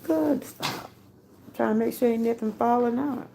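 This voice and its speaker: A woman's voice: fairly high pitch, a little slow, gravelly, dark tone, a little hiss or hum. An older woman, hosting a casual livestream, chatty and laughing often as she talks straight to her viewers. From Georgia, US. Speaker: livestream host.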